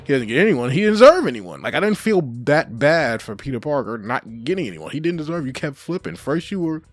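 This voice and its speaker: A man giving a casual spoken review of an animated show, animated and full of swearing. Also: on the high side, a little fast, dry recording, soft background music. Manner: animated, heavy swearing, frequent laughs.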